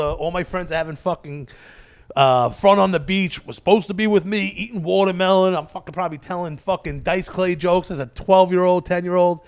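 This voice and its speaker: A man, a comedian hosting his own show, telling rambling profane stories in a tired, casual monologue and laughing at himself. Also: fairly high pitch. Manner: profane, digressive storytelling. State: tired, running on fumes.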